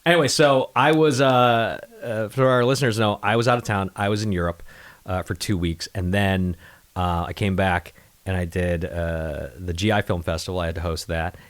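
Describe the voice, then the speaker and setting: Podcast host, man, lowish voice, animated storyteller, casual and profane. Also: normal speed. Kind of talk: casual chat.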